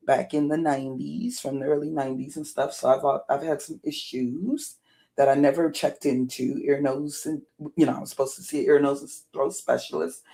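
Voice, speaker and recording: In a deep, slightly mellow alto, a middle-aged woman rambles through casual live-stream commentary and greets viewers by name. Her voice is hoarse and worn, clearly wearing out.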